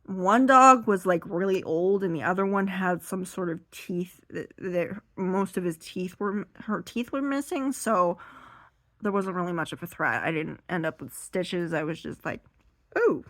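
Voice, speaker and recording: A woman telling a rambling, self-deprecating stand-up story while seated, now and then bursting into loud high acted voices, her voice a little strained. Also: a little slow, no room sound. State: strained voice from being too loud. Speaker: stand-up comedian.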